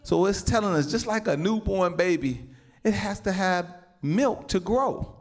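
A male pastor with a high-sitting, animated voice preaches a little slowly to his congregation in a church building. He peppers the sermon with amens and calls out to the saints.

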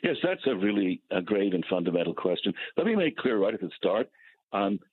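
A man, a legal scholar guest, explaining constitutional questions in a measured, lecturing way over a phone-line interview. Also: on the low side, big pitch swings, breathy edge.

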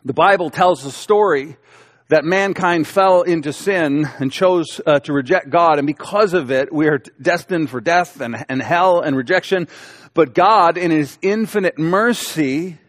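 A man's voice: a little high, measured pace, no echo, clean studio sound. A male pastor delivering a sermon in a conversational, storytelling way, with light humor.

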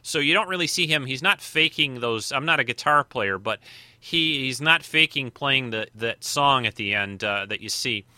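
A man's voice: mid-range voice, sharp tone, dry recording. A man hosting a casual film commentary, rambling along with many fillers and restarts. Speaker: podcast host.

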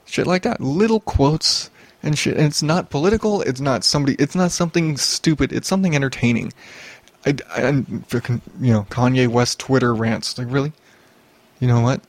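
A man's voice: medium pitch, brisk, no echo. A young man hosting a solo podcast, ranting and rambling with lots of swearing and restarts. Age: young adult. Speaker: podcast host.

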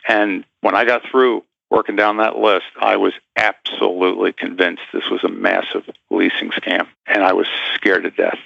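A man's voice: low-pitched, flat delivery, normal speed, creaky, few pauses, no room sound, lo-fi sound. A man guest in an interview, telling a story with animation and acting out the voices of the people in it.

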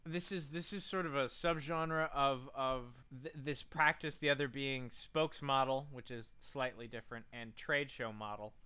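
A man's voice: medium pitch, fairly even intonation, moderate pace, few pauses, sharp tone, clear, resonant tone. A man co-hosting a comedy podcast, reading facts from notes and breaking into laughter. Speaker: podcast co-host.

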